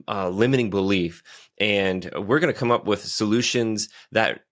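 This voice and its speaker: A man's voice: fairly low pitch, moderate pace, a bit bright. A man from Michigan hosting a podcast interview, with an upbeat, hyped delivery full of "uh" fillers. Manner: upbeat, hypey, many "uh" fillers. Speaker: podcast host.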